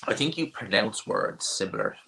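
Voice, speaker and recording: Man, North Dublin accent, low voice, bright forceful tone, casual livestream chat, blunt offhand opinions. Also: wildly swooping pitch, moderate pace, vocal fry, slight background noise. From Ireland. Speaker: livestream host. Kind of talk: casual livestream chat answering viewer questions.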